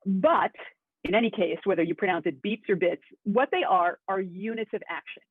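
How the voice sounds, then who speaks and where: Woman acting coach, chatty webinar teacher, husky, phone-thin sound. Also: medium pitch, normal speed, no echo. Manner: chatty and enthusiastic, with asides. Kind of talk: webinar lesson. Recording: tinny phone-like audio.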